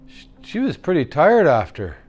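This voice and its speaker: A man storyteller telling a traditional tale to children, animated, with sound effects and call-and-response teaching words. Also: fairly high pitch, moderate pace, dull audio, faint music behind.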